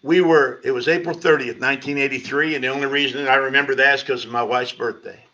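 A middle-aged pastor recounts his conversion at a church Bible study, talking fast and telling it with lively energy that soars whenever he quotes himself. The lo-fi audio sounds like a livestream.

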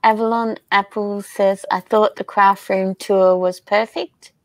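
A woman hosting a casual craft livestream, reading viewer comments aloud in an unhurried, chatty way and laughing often. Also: mid-range voice, steady tone, dry recording.

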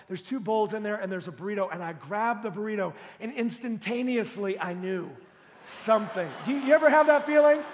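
Lively comic pastor, bright high voice, booming church-hall echo. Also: male voice. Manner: animated, comic storytelling, bursts of shouting. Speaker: lead pastor. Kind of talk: sermon with humorous personal story. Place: church auditorium. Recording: long reverb of a large church hall.

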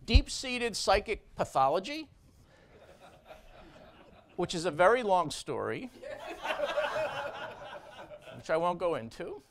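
A man's voice: sits high, fairly bright tone. A man who is a surgeon giving a conference keynote speech, blunt and emphatic, driving points home with short repeated phrases.

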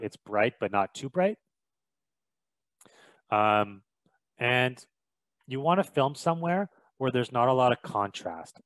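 A man's voice: medium pitch, fairly bright tone, dry recording, rough recording. Chatty male video instructor, dry sound. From Canada. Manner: chatty, filler-heavy, emphatic. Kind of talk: casual instructional talk. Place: home room by a window.

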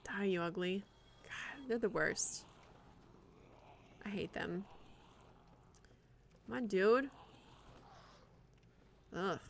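A woman streaming live gameplay, swearing and reacting out loud to the game and chatting with viewers. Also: mid-range voice, drawn-out words, gravelly, long pauses, a little hiss or hum. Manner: profane, reactive, talks to the game and chat.

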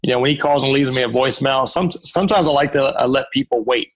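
A man with a gravelly, husky voice tells stories in a podcast interview. He talks about his mentor and slips into quoted voices. His delivery is animated and anecdotal. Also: mid-range voice, fast, low-quality recording. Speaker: guest, author and speaker.

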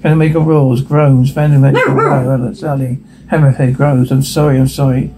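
A man reading a television episode transcript aloud, dialogue and sound cues alike, in one steady voice. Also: mid-range voice, normal speed, heavy background noise.

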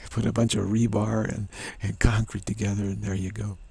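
Gravelly, husky-voiced man teaching. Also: lowish voice, flat delivery, a little fast, a little mellow. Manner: playful, rambling, laughs often. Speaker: spiritual teacher. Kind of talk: spiritual teaching talk.

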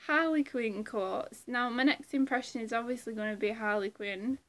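A woman's voice: fairly high pitch, normal speed, fairly bright tone. A woman chatting casually in a vlog, rambling and self-deprecating, often repeating herself. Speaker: impressionist vlogger.

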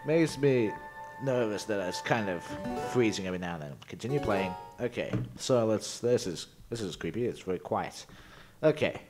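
A man's voice: lowish voice, expressive, moderate pace, a little mellow, soft background music. Man muttering through gameplay commentary. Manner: mumbling to himself, joking. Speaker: let's play host.

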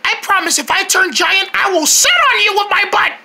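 A man voicing a shrunken tiny boy hero who is brave and eager, with a squeaky, sped-up chipmunk sound. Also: fairly even intonation, a little fast, gravelly, background noise.

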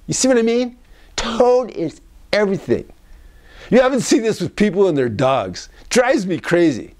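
A man's voice: high-pitched, very animated, normal speed. A man speaking as a psychologist in a casual advice monologue. He repeats key phrases and acts out tones of voice as he goes.

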